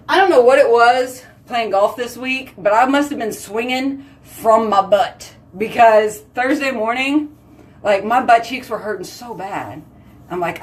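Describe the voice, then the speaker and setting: A woman's voice: on the high side, a little hiss or hum. A chatty woman, hosting a casual live stream and talking with her viewers. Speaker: livestream host.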